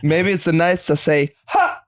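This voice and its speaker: A man's voice: a little high, animated, moderate pace, no room sound, studio quality. A man co-hosting a casual podcast, joking around and laughing often. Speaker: podcast co-host. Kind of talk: casual chat.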